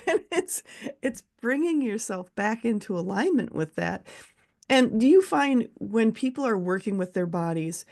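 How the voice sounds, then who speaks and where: A woman's voice: lowish voice, lively intonation, measured pace, vocal fry, darkish tone. A woman hosting an interview, affirming her guest and asking long follow-up questions. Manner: affirming listener, asks rambling follow-up questions. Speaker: podcast host. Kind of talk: casual interview chat.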